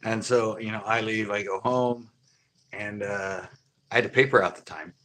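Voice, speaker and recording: A middle-aged man hosting a fishing channel, telling a long story in a rambling, animated way full of fillers. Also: fairly low pitch, moderate pace. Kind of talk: casual livestream storytelling.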